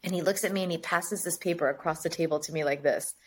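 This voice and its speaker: A woman from the United States, a guest in an interview, telling stories in a lively way and acting out the dialogue. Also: fairly low pitch, quick pace, a little hiss or hum. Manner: lively storyteller, acts out dialogue. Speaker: guest, agency chief executive. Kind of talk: interview storytelling.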